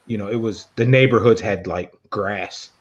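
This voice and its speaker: A man who grew up near Detroit, chatting loosely on a podcast and laughing through his own stories. He swears easily and keeps the tone relaxed. The recording sounds a bit dull and lo-fi. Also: fairly low pitch, normal speed, breathy edge. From Detroit area. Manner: storytelling, laughs often, swears freely. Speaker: podcast host. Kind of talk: casual chat.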